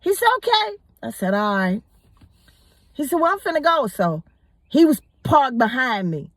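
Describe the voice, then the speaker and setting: A woman telling a personal story in a casual, animated way, often repeating words as she goes. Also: on the high side, a little slow, dry recording. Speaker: storyteller host.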